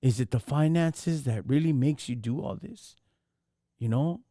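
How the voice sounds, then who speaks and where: A man's voice: fairly high pitch, measured pace, mellow, no echo, studio quality. A man hosting a casual live stream. He talks in street slang and keeps firing rhetorical questions.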